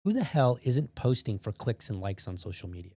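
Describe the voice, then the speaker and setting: A man's voice: fairly low pitch, very animated, a little fast, mellow, no echo. A man hosting an opinion podcast, talking bluntly and heatedly and swearing freely as he argues his point. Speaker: podcast host.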